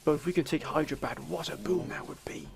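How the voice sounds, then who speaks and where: A man with a very gravelly, slightly high voice talks through his strategy game. He plays the commander, theatrically calling his listeners sir and gentlemen. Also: fairly even intonation, fast, a crowd in the background. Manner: theatrical, addresses viewers as 'sir' and 'gentlemen'. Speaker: let's play commentator. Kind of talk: game commentary.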